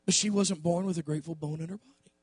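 A middle-aged man, a pastor preaching a sermon with passion, dropping to quiet asides and then rising to shouts. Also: fairly high pitch, breathy edge, no echo.

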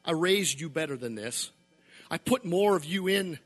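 A man's voice: fairly high pitch, lively intonation, moderate pace, soft background music. A man voicing a stern but loving old father who scolds and pleads with his son. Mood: scolding. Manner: scolding, pleading, building to shouted preaching.

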